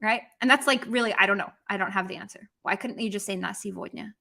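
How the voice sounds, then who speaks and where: Bright-voiced woman teaching on a live stream. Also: medium pitch, quick pace, gravelly. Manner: lively, switches between English and Russian, chats with viewers. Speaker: language teacher. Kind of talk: live-stream language lesson.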